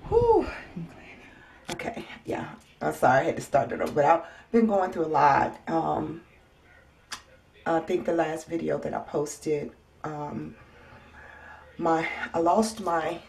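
A weary woman in pain giving a casual personal health update as a vlogger at home, soft-spoken and halting, with many ums and sighs. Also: low-pitched, steady tone, gravelly, slight background noise. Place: home, indoors.

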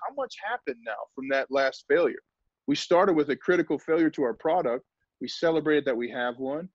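Man, fairly high voice, motivational talk, emphatic, dull lo-fi video call audio, dry. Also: fairly quick, no room sound. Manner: energetic, emphatic, acts out quotes. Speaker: former pro football player, guest speaker.

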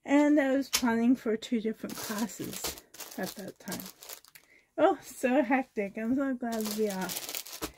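A woman's voice: fairly high pitch, slow, noisy background. A woman with a Canadian accent, chatting casually while unboxing, gushing, giggly and rambling. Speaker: reborn doll vlogger.

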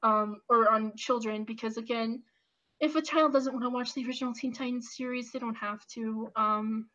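A woman in her twenties giving casual, animated opinion commentary with lots of ums and restarts. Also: a little high, moderate pace. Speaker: YouTube commentator. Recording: lo-fi dull audio.

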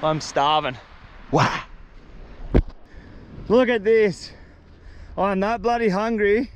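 A young Australian man vlogging a solo survival trip outdoors, excitable and slangy, talking straight to camera. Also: sits high, takes it slowly, long pauses, slight background noise. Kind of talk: casual outdoor vlog. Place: outdoors on a beach in the bush.

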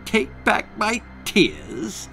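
A man's voice: extremely high pitch, huge pitch swings, unhurried, pushed and bright, faint music behind, pitched above the performer's own voice, heavily acted. A man voicing a spoiled young girl who talks in a sneering, bored, know-it-all way.

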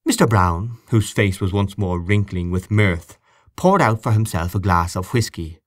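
A man narrating a literary audiobook in a measured, expressive way. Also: sits low, dry recording, clean studio sound. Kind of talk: audiobook reading of literary fiction.

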